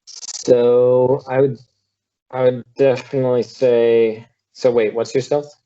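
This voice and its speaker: A man running a tabletop role-playing game, easygoing and halting, often stopping on "um" and "like." His voice is mid-pitched and comes through a slightly dull, lo-fi line. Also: level tone, mellow. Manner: casual, hesitant with fillers. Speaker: game master.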